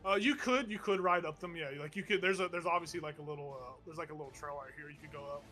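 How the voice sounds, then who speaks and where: A man's voice: on the high side, fast, pushed and bright. A man running a tabletop game as game master, talking loosely and thinking aloud over the rules.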